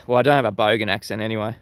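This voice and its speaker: His voice is fairly low and creaky, with no echo. This Australian livestream host sits outdoors facing the sunrise over the sea, chatting casually with viewers and reading chat, laughing frequently and restarting sentences with repeated words.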